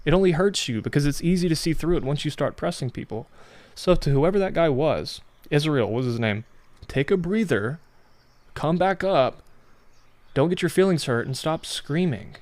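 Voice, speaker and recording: A man's voice: on the high side, expressive, moderate pace, darkish tone, no echo. Combative male host running a live debate. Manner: combative, calls out lies, addresses callers bluntly. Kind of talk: heated livestream debate.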